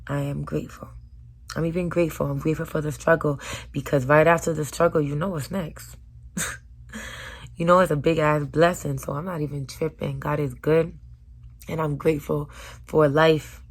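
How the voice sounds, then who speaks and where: A young woman talking earnestly to her viewers in a personal vlog, her voice hoarse from screaming, moving between loud urging and soft near-whispers. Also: low voice, steady tone, moderate pace. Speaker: vlogger.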